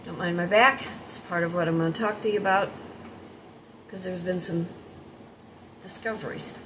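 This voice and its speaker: Talking to her viewers from home, a vlogger and life coach from the United States in her sixties rambles in a direct, casual morning chat to camera. She speaks at a moderate pace in a lowish, steady voice, with background noise present.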